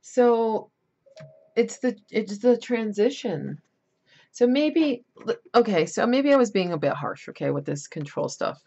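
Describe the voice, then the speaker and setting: A woman's voice: on the high side, expressive, a little slow, dark tone, breathy edge, lo-fi sound. A woman giving a casual tarot reading, chatty and rambling, with emphatic warnings. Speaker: tarot reader.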